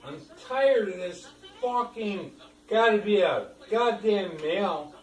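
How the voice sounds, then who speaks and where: A middle-aged father arguing with his family, profane and scornful, his voice often rising to a yell. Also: high-pitched, takes it slowly. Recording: roomy echo from far off.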